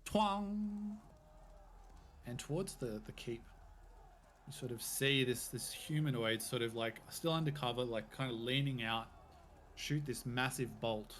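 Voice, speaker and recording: A man's voice: mid-range voice, moderate pace, fairly bright tone, slight background noise. A man narrating as game master, with loose, rambling descriptions full of hedging fillers.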